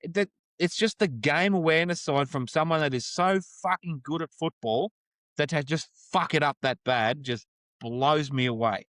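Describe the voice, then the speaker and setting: A man's voice: on the high side, moderate pace, a bit bright, dry recording. An Australian man co-hosting a sports podcast, ranting and swearing about a rugby league game in casual chat. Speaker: podcast co-host. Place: studio.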